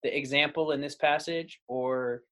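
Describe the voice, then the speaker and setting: A man's voice: on the high side, fairly even intonation, moderate pace, sharp tone. A man co-hosting a podcast, friendly and full of questions. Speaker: podcast co-host. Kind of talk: casual podcast conversation.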